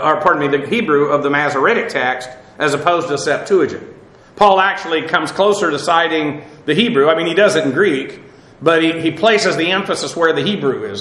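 A man's voice: on the high side, bright, forceful tone. Echoey man teaching a Bible lesson. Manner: unscripted, many "uh" fillers and restarts; explanatory, slows to spell out Hebrew and Greek terms.

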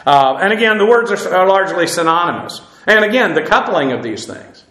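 High-voiced man teaching a sermon. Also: big pitch swings, fairly quick, bright, forceful tone, echoey room, poor audio. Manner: earnest, emphatic, with frequent uhs and repeated words. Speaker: Bible teacher. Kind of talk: verse-by-verse sermon.

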